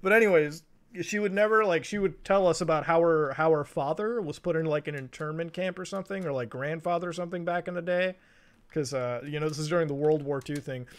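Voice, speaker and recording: A man's voice: on the high side, a little fast. A man from Canada streaming a game, chatting casually in a rambling, profane way and laughing often. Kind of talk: casual chat while gaming.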